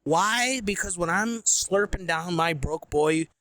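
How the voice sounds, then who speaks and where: A man's voice: high voice, slow, sharp tone, a little hiss or hum. A man in his late twenties hosting a gaming podcast in a loose, rambling chat full of slang and fillers, sitting in a camping chair outdoors. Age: late 20s. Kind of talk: casual rambling monologue.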